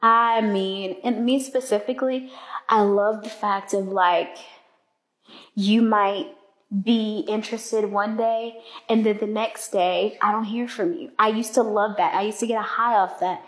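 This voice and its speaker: A woman's voice: mid-range voice, steady tone, measured pace. A woman talking candidly and casually about herself. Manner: candid, confessional. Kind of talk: casual chat.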